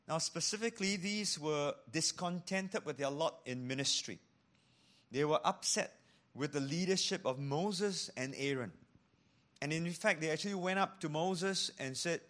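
A man preaching a sermon as pastor, animated, dropping to hushed tones for emphasis and acting out the voices he quotes. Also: on the high side, moderate pace.

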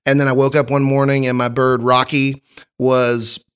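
A man's voice: mid-range voice, little pitch movement, moderate pace, fairly bright tone, clean tone. A man hosting a casual podcast chat, telling long stories and often restarting his sentences. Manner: rambling storyteller with many restarts. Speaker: podcast host.

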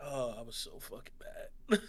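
A man's voice: mid-range voice, expressive, unhurried. A man chatting casually on a podcast, laughing often, swearing freely and poking fun at himself. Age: adult. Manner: giggly, swears freely, self-mocking. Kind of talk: casual chat.

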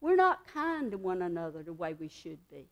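A woman's voice: fairly low pitch, very animated, moderate pace. A woman giving a devotional teaching in an earnest, conversational way, repeating key points for emphasis. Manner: emphatic repetition. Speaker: Christian speaker.

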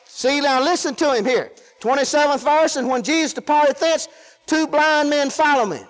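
A man preaching a sermon in a folksy way, swinging between shouted lines and hushed asides. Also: very high voice, moderate pace. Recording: long hall reverb.

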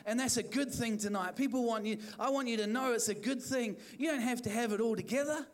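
High-voiced New pastor preaching. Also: male voice, a little fast. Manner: fervent, repetitive exhortation with restarts. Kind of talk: evening church sermon.

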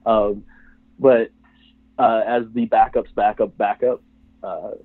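A man's voice: fairly low pitch, level tone, takes it slowly, no echo. A male podcast guest and longtime listener, chatting casually in a rambling way with lots of fillers. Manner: rambling, filler-heavy, chuckling. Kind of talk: casual chat. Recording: dry, tinny phone-like line.

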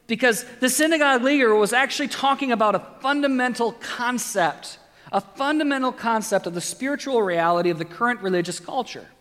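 A man's voice: sits high, fairly bright tone, big-room sound. A man preaching a sermon as pastor, reading scripture dramatically and adding light jokes.

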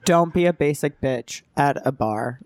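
A man's voice: fairly high pitch, measured pace, a crowd in the background. A man co-hosting a podcast, casual and blunt, teasing his friends. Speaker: podcast co-host. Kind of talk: casual chat.

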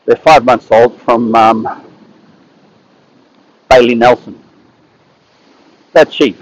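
A man's voice: medium pitch, steady tone, slow pace, lo-fi sound. A man telling stories in a casual monologue, rambling and often repeating and restarting his words. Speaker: speaker sharing advice.

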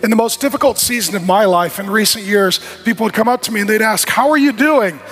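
A middle-aged male pastor giving a sermon, preaching emphatically in repeated rhythmic phrases, rising to shouts and dropping to soft, intimate tones. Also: high-pitched, fast talker, faint music behind. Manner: rises to shouts at peaks, drops soft and intimate.

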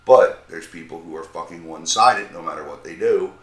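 A man's voice: sits low, fairly quick. A man co-hosting a podcast, blunt and profane, philosophizing in casual chat. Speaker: podcast co-host. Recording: roomy with faint noise.

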